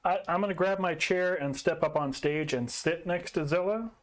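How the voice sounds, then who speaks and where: Tabletop player, male, slightly high voice, casual and hesitant delivery. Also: moderate pace.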